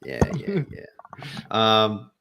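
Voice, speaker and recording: A man hosting a casual wrestling podcast, relaxed and hesitant, with many fillers. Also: fairly low pitch, drawn-out words, gravelly, highs cut off, a little hiss or hum. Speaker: podcast host.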